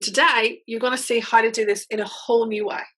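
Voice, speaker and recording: Upbeat woman coach, bright and slightly high voice, chatty workshop delivery. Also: steady tone, a little fast, poor audio. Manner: upbeat, chatty, frequent check-ins with listeners. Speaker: mental game coach. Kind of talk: online workshop teaching.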